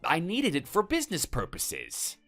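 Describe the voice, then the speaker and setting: A man's voice: on the high side, wildly swooping pitch, normal speed, fairly bright tone, faint music behind, exaggerated voice. A synthetic male voice reading a hot-tempered, threatening husband in a text-message story, defensive and contemptuous. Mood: scornful.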